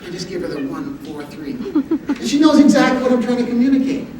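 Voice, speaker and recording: A man's voice: extremely high pitch, brisk. Guy doing a funny motivational talk, voice jumps all over, sounds far off in a big echoey hall w/ noise behind. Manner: animated, self-deprecating comic delivery. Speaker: motivational speaker. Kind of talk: humorous personal storytelling talk. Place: university lecture hall.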